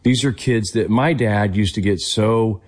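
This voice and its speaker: A man's voice: lowish voice, unhurried. A man hosting a Christian talk show and interview, speaking with enthusiasm and affirming his guest. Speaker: host.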